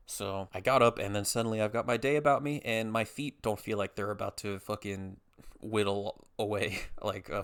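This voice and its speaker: A young man hosting a casual solo podcast, rambling and self-mocking, swearing and slangy, tired after a migraine. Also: fairly low pitch. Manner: rambling, self-mocking, acts out others in quoted voices. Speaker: podcast host.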